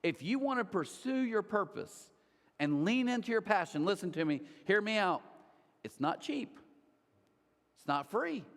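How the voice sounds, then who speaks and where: A man preaching a sermon as pastor, animated, with asides to the crowd and put-on high voices for others. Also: a little slow, in a large hall. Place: church auditorium.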